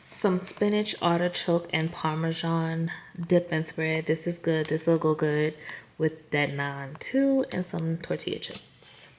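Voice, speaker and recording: A woman's voice: low-pitched, a little slow, slight background noise. A woman vlogger casually chatting through a grocery haul, talking straight to her viewers and laughing at herself. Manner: chatty, self-amused, talks to viewers directly.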